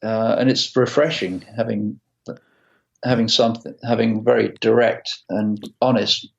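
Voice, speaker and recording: Low, gravelly-voiced man in his sixties. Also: steady tone, lo-fi sound. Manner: halting, with many restarts and asides. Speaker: guitarist guest. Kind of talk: casual interview storytelling.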